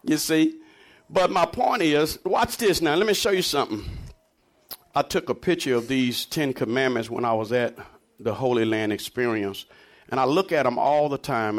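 A man preaching a sermon, swinging from low murmurs to high shouts and joking with the congregation. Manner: jokes and laughs with the congregation. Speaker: pastor.

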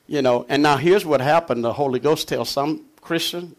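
A man's voice: fairly high pitch, normal speed. A man preaching a conversational sermon, reading scripture aloud and explaining it in a folksy way, chuckling often between points.

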